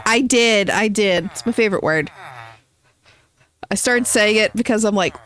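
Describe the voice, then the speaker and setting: A woman's voice: medium pitch, a little slow, pauses often, a bit bright. Chatty woman streamer teasing her chat. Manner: chatty, playful, teasing chat and reading out messages. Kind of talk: casual gameplay live-stream chat.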